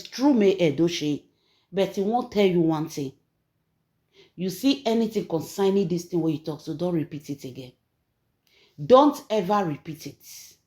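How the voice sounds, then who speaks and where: A Nigerian woman hosting her own channel, telling gossip in an emphatic, preachy way that swings between loud and soft. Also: fairly low pitch. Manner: emphatic, preachy, rising and falling in loudness. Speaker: channel host and gossip storyteller. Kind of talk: animated gossip commentary.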